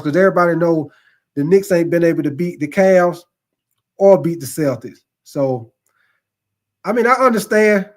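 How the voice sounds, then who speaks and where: Laid-back man hosting a sports live stream. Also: fairly high pitch. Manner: laid-back, laughs often, repeats "most definitely, man". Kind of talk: casual live-stream chat reading viewer comments.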